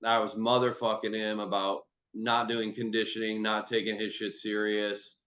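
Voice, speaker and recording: On a casual video call, this lower-voiced host and performance trainer talks in an easygoing, profane ramble packed with "like" and "you know." His pitch barely moves, his pace is moderate, and the dull, lo-fi laptop-style audio comes across pushed and bright.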